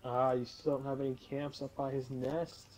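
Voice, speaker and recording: A man's voice: medium pitch, little pitch movement, moderate pace, darkish tone, poor audio. A man chatting while playing a video game, impatiently telling his friend what to do next. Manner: impatient, bossy instructions. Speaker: gamer. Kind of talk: casual gaming chat.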